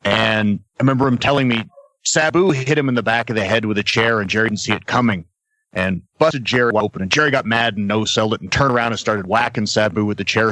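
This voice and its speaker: A man sits in as a podcast guest and tells an old road story in an easygoing, animated way, breaking into laughs. His voice sits in a middle register. The recording is close and dry, with no room sound. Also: medium pitch, quick pace, no room sound. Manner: animated storyteller, laughs between lines, acts out other voices. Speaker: guest, former wrestler. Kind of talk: casual anecdote telling.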